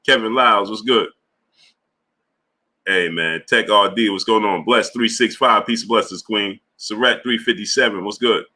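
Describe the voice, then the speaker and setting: Man, livestream host, laid-back, lower pitch. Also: moderate pace. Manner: laid-back, shouting out viewers from the chat. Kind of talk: casual livestream chat.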